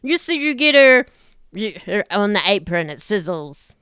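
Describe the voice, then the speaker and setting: A woman's voice: medium pitch, sing-song, moderate pace, pushed and bright, smooth, dry recording, studio quality. A woman narrating as game master of a tabletop game, playful and laughing often.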